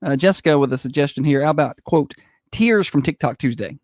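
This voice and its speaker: A man co-hosting a morning radio show speaks a little high and fairly quickly through a studio microphone, with no room sound. In casual chat he teases his co-host with dry humor and gets animated telling stories.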